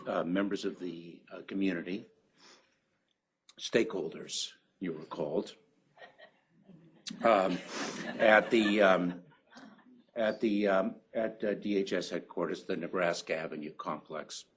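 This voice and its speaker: A man giving conference opening remarks in a reflective, halting way, with many ums and uhs. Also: sits low. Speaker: conference speaker.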